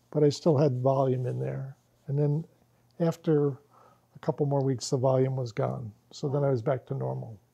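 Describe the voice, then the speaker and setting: Gravelly, mellow-voiced male storyteller. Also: fairly high pitch. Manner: animated storyteller, acts out quotes, laughs often. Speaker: workshop presenter. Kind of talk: casual storytelling to a small group.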